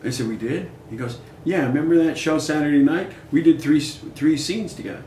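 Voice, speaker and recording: An older man in his sixties tells stories with lively energy, slipping into the voices of the people he quotes. His voice sits fairly high for a man. The recording has a roomy echo and faint background noise. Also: brisk. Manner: animated storyteller acting out quoted dialogue. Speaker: guest musician. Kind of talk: casual storytelling interview. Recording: echoey room with faint noise.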